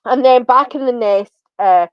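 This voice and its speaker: A woman co-hosts a podcast, retelling a TV episode in a chatty way, full of ums and acted-out lines. Her voice sits fairly high. The sound is dry, close and slightly muffled. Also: moderate pace, clean tone, dry recording. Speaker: podcast co-host. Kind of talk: casual chat recapping a TV episode.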